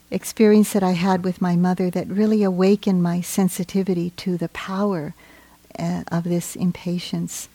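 Woman meditation teacher, dharma talk: warm, mellow, gentle and reflective, dry close sound. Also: mid-range voice, no echo. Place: meditation retreat.

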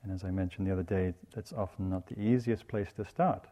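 A man giving a dharma talk as a meditation teacher, in a gentle and reflective teaching tone. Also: sits low, fairly even intonation, brisk. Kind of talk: dharma talk on loving-kindness.

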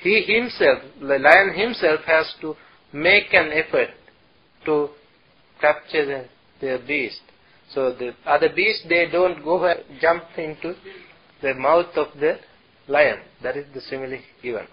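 A male monk gives a dharma talk in a high, breathy voice. He speaks slowly, pausing often and chanting old verses. The recording sounds muffled and lo-fi. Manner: slow, halting delivery with chanted Pali and Sanskrit verses. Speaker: Buddhist monk teacher.

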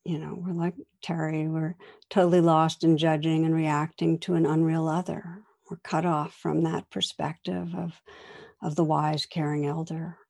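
A woman meditation teacher giving a dharma talk, telling a story in a gentle, reflective way. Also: sits low, level tone, normal speed, gravelly. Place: meditation hall.

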